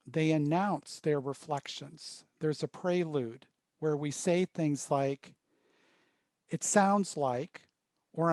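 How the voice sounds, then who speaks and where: A man runs an online training workshop over a video call, coaching participants in a deliberate, unhurried manner. His voice sits a little high and he speaks slowly. The sound is dry and close, with no room around it. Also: a little mellow, dry recording. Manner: slow, measured, coaching delivery. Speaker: workshop facilitator.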